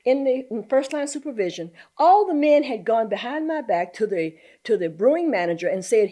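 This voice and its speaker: A woman's voice: fairly high pitch, fairly quick, few pauses. An older woman from the American South, a community activist telling workplace stories in an interview, laughing often as she goes. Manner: animated storyteller, laughs often. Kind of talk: storytelling interview.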